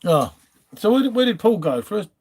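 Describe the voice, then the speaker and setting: Guy chatting on his live stream, slightly high voice, keeps greeting folks and trailing off. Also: big pitch swings, fairly quick, slightly rough. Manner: chatty, reads viewer names, trails off and restarts. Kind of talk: casual live-stream chat.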